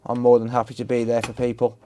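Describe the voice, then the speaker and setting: Black Country man, casual live-stream host, mid-pitched, laughs a lot, chats with viewers. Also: monotone, fast talker, background noise. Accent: Black Country English. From England. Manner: chatty, laughs often, talks to chat by name. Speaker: livestream host. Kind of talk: casual live-stream chat while repairing.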